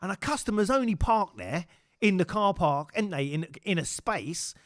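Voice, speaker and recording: Podcast host, bloke, animated yarn-teller, fairly high pitch, dry sound. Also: male voice, normal speed, no room sound. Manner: swears freely, animated storytelling with acted quotes. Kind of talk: casual storytelling chat.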